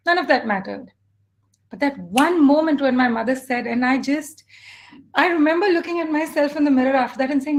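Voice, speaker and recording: A woman's voice: high-pitched, moderate pace. A woman life coach giving a live online coaching talk, earnest and reflective, telling personal stories.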